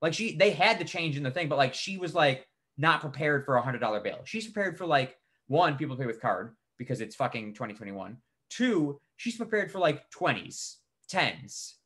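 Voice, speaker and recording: A man co-hosting a podcast, telling a story in animated casual chat, swearing freely and saying "like" a lot. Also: a little high, moderate pace, hardly any pauses. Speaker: podcast co-host.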